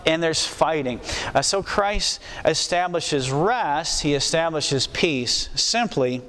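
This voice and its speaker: A man's voice: fairly high pitch, animated, slow pace, a bit bright. Folksy preacher man in a reverberant hall. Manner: folksy, repeats phrases for emphasis. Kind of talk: sermon.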